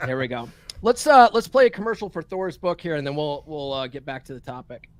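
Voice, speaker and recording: A man's voice: fairly high pitch, animated, a little fast, no echo. A man hosting a casual livestream, chatting, laughing and reading out viewer super chats. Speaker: livestream host.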